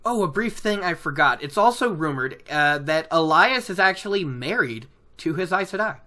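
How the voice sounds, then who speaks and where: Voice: medium pitch, animated, moderate pace, pushed and bright. A podcast host recapping a book chapter in a chatty way, with many "you know"s.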